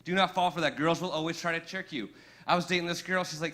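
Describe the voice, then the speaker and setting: A man's voice: fairly high pitch, fast talker, sharp tone. A young man performing a crude stand-up comedy set, telling brash stories with acted-out dialogue on a comedy club stage.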